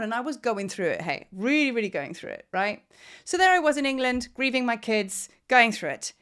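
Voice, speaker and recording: Woman teacher, slightly high voice, rambling heartfelt vlog to camera. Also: sing-song, normal speed, fairly bright tone. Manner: rambling, heartfelt, trying not to cry. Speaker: spiritual teacher and priestess. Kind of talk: casual vlog talk to camera. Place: at home in Cape Town.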